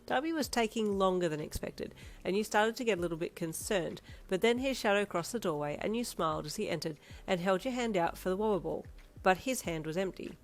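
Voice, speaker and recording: A woman narrating a second-person fanfiction audio story in an even storytelling manner. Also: mid-range voice, a little fast. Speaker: fanfiction reader.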